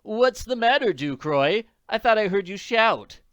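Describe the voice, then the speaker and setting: A man's voice: high-pitched, animated, normal speed, fairly bright tone, clean tone, no room sound, lo-fi sound, voice pushed up. A man voicing a frightened male crook who moans and whines. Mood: wary. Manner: whiny, moaning.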